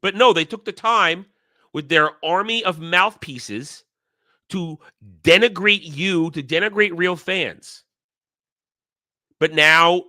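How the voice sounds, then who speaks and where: A man's voice: a little high, a little slow, bright, forceful tone, dry recording, studio quality. A man giving sarcastic, scornful commentary in a rant, often repeating his phrases. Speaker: online commentary host. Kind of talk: ranting commentary.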